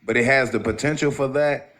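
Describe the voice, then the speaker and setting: A man's voice: medium pitch, fairly even intonation, a little fast, a bit bright. A man calling into a livestream over a video call, insistently making his case in an opinionated discussion. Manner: earnest and insistent. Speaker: guest caller.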